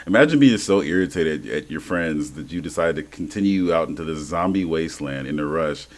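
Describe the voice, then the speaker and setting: A man co-hosting a podcast in casual chat, animated and slangy, laughing often and swearing freely. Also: extremely low pitch, normal speed. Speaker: podcast co-host.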